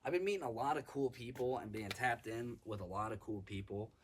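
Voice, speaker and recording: A man hosting a casual podcast, rambling excitedly and swearing often, recorded outdoors in the sun. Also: mid-range voice, brisk, a little hiss or hum. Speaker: podcast host. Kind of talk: casual chat.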